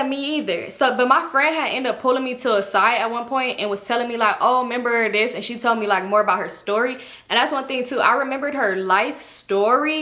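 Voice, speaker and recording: A young woman casually telling a story to her viewers, chatty and slangy, swearing freely and acting out the people she quotes. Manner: animated, acts out quotes with a higher voice. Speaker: storytime YouTuber.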